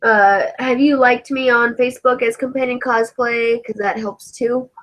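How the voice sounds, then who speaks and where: A woman's voice: on the high side, fairly even intonation, normal speed, fairly bright tone, poor audio. A woman with an English accent, chatting casually on a livestream as a cosplayer host, ranting animatedly and swearing freely.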